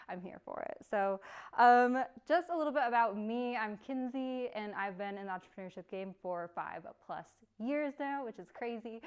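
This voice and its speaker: A woman's voice: medium pitch, smooth. A young woman giving a casual live workshop, chatty and bubbly, laughing often. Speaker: workshop presenter.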